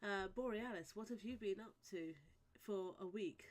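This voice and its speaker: A woman's voice: medium pitch, moderate pace. A woman running a tabletop game as game master, talking hesitantly with many fillers. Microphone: voice chat microphone.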